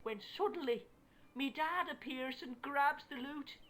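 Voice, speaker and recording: A woman's voice: sits high, a little slow, noisy background. A woman voicing a scrappy Irish runaway boy in a video game, defiant and full of tall tales. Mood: pleading tale. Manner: defiant, tall-tale spinning.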